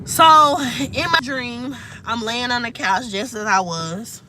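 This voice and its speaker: A woman's voice: on the high side, expressive, takes it slowly. A woman telling a story to her viewers in a chatty, emphatic way, swearing freely, talking into a phone from a moving car. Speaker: livestream host. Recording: loud car noise behind voice.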